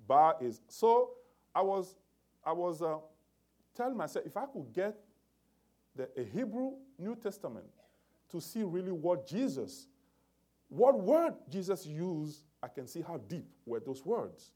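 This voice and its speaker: Animated male preacher, lively pitch. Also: a little slow. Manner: animated, emphatic preaching with restarts. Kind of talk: sermon.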